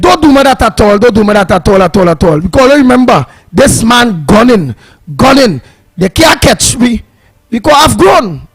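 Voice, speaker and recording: Fiery high-voiced Trinidadian radio host. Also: male voice, very animated, normal speed, husky, dry recording, soft background music, rough recording. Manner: fiery, emphatic, repeats words, breaks into sing-song. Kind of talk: animated call-in radio talk.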